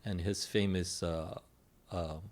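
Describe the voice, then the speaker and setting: A man's voice: sits low, fairly even intonation, takes it slowly, darkish tone. A man hosting a podcast in casual chat, joking and laughing often. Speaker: podcast host.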